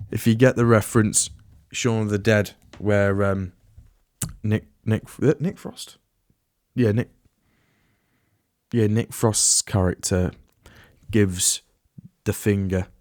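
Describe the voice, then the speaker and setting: A man's voice: on the low side, steady tone, slow, long pauses, a little mellow, dry recording, clean studio sound. A man hosting a solo podcast in a casual, rambling way, often restarting and trailing off into asides. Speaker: podcast host.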